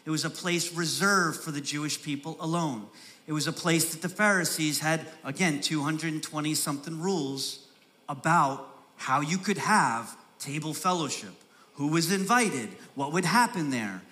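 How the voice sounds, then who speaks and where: A man preaching a sermon as pastor, repeating phrases for emphasis and building from soft, slow stresses to raised, urgent delivery. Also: fairly high pitch.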